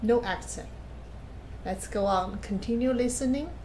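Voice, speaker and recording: A woman with a somewhat high voice gives a piano masterclass critique in patient, simple phrasing. She counts beats and hums phrases to make her points. Loud piano playing sits behind her voice. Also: unhurried. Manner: patient, plain instructive phrasing, hums and counts passages aloud. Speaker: piano teacher. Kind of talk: masterclass feedback on a recorded performance.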